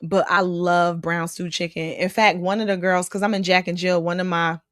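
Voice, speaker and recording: A woman's voice: fairly low pitch, little pitch movement, moderate pace, a bit bright, no echo, studio quality. A woman hosting a live stream, reading out viewer comments about food and chatting back casually. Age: adult. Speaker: host reading live chat.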